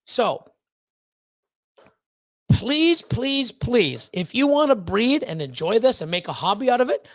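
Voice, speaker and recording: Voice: medium pitch, very animated, brisk, few pauses. This is a reptile breeder hosting a casual livestream, talking straight to the chat. The delivery is blunt and heated, full of swearing, repeated pleas and stumbling restarts. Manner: emphatic repeated pleading. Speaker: reptile breeder and channel host.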